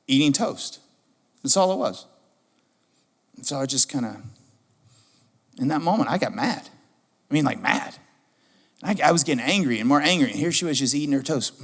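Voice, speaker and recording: A middle-aged man preaching a sermon as a pastor, telling a story in an animated, humorous way. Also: medium pitch. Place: church auditorium. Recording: long hall reverb.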